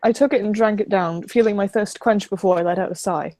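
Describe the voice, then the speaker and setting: A woman's voice: mid-range voice, a little fast, dark tone, no room sound. A woman streamer reading first-person visual novel narration aloud on a close home mic.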